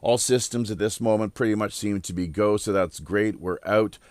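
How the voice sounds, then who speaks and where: Low-voiced rambling male podcast host. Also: darkish tone, dry recording. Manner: rambling, filler-heavy, deliberate. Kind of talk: casual round-table chat.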